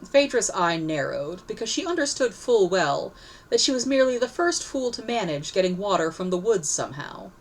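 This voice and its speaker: A woman's voice: medium pitch, big pitch swings, normal speed, low-quality recording. A woman narrating a story aloud, reading expressively and correcting herself now and then. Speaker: story reader.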